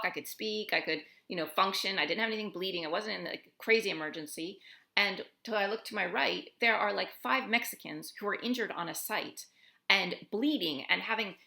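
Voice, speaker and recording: A young woman from the United States speaks earnestly and emotionally to her camera, peppering her talk with "like". Her voice is bright and forward. The room around her rings with a noticeable echo. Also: on the low side, gravelly. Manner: earnest, emotional, heavy use of "like". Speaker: expat vlogger. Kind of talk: personal monologue to camera.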